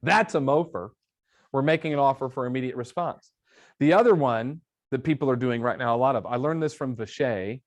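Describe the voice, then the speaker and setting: A man's voice: mid-range voice, fairly quick. A man as an interview guest, explaining real estate outreach and acting out phone calls with quoted lines. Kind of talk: conversational interview, storytelling with examples.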